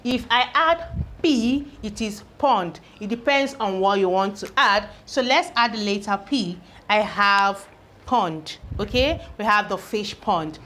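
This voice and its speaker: A woman's voice: medium pitch, a little slow, pushed and bright. A woman teaching an English spelling lesson, repeating each word and checking in with "okay?". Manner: repeats each word several times, ends points with "okay?".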